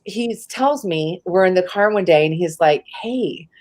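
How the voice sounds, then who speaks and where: Telling a personal story as a live-interview guest, a woman from the San Francisco Bay Area speaks at normal speed in a lowish, darkish voice. Her manner is casual and candid, with frequent "like" and free swearing.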